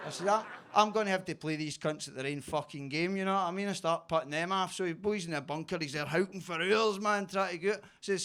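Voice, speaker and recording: A Scottish man doing a stand-up routine in a basement comedy club, telling stories loudly and swearing freely. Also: a little high. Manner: loud, sweary, quick storytelling.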